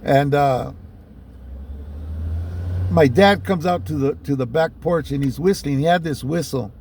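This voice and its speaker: A man's voice: on the high side, a little slow, darkish tone, slight background noise. A middle-aged man, telling a personal story in a laid-back, casual way, dropping "man" and "you know" and chuckling often.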